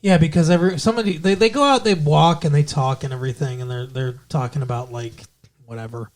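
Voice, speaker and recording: A man co-hosting a podcast, chatting casually and rambling through a show recap, with restarts and quick character voices. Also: on the high side. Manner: rambling, self-correcting, puts on character voices. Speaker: podcast co-host.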